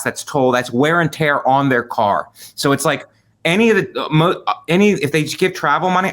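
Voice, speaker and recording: A man co-hosting a comedy podcast, talking in a relaxed way, explaining things step by step and teasing his partner. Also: mid-range voice. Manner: laid-back, explains step by step, playful teasing. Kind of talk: casual conversational chat.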